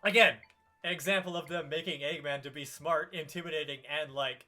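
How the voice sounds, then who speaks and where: Bright-voiced man rambling over game music. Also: on the high side, steady tone, a little fast. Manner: rambling, fond of quoting characters in put-on voices. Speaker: co-host of a live game stream. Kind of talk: casual gaming chat.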